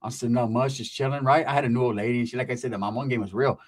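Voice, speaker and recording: A man's voice: mid-range voice, racing. A man from California telling a crude, rambling story full of slang and asides. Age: adult. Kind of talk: casual comic storytelling.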